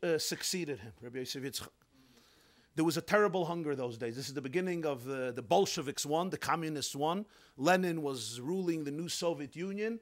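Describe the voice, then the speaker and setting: A man preaching as a rabbi, telling a parable with lively swings from quiet asides to loud outbursts, with a manner. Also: on the high side. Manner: animated, swings from hushed to shouting, acts out characters. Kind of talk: sermon storytelling.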